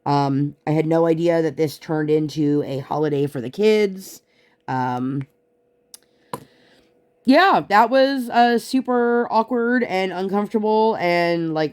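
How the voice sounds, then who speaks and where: A woman with a low voice talks through a casual craft-along chat. She tells her story in an exasperated, chatty way, with plenty of "like" fillers along the way. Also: unhurried, darkish tone, clean tone. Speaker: vlogger and parent.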